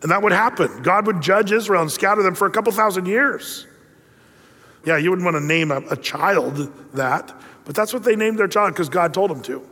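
High-voiced preacher in a reverberant hall. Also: male voice, lively intonation, normal speed, sharp tone. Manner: storytelling with playful asides and voiced quotes. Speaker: pastor. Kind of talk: sermon.

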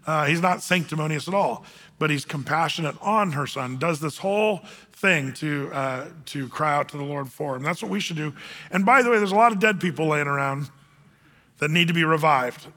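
A man's voice: a little high, normal speed, bright, forceful tone. A middle-aged male pastor giving a casual Bible teaching, talking conversationally with fillers and restarts. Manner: conversational, many fillers and restarts, acts out scripture quotes. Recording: long hall reverb.

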